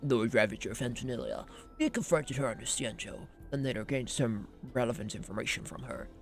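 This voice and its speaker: Gravelly and steady, this is a man playing an earnest young adventurer in a game dub. The tone stays level and sincere, with faint music in the back. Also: medium pitch, brisk, natural voice.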